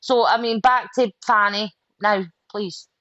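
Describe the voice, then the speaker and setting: A woman's voice: mid-range voice, fairly even intonation, a little slow, a bit bright, dry recording, lo-fi sound. A Scottish woman co-hosting a podcast, chatty and teasing in casual conversation. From Scotland. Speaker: podcast co-host. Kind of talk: casual chat.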